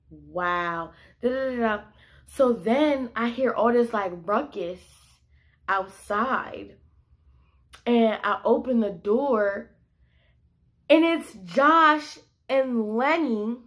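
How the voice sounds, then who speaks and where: A young woman vlogging a casual storytime, talking animatedly with lots of filler words and quoting herself. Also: medium pitch. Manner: animated, quotes herself in bursts; heavy use of "like" fillers.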